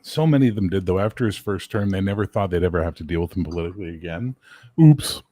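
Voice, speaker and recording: A man with a lowish voice co-hosting a casual podcast. He answers with short agreements and delivers his jokes in a dry, matter-of-fact way. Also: racing, dark tone. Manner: dry joke-teller with short backchannel replies. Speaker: podcast co-host. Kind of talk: casual chat.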